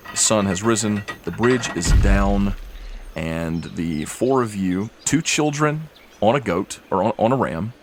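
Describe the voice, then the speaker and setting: Low-voiced man narrating a tabletop game. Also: a little slow, background noise. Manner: relaxed, easygoing narration with fillers. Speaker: game master.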